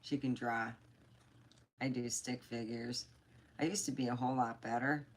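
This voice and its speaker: A woman's voice: rumbling low, fairly even intonation, normal speed, a little hiss or hum. A middle-aged woman chatting casually on a livestream, rambling and candid, swearing freely. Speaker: livestream host.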